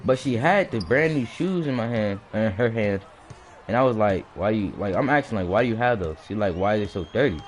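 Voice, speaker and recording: A man telling a personal story in a casual, animated way, often restarting his sentences and acting out the blows with sound words. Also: on the low side, brisk, a little hiss or hum.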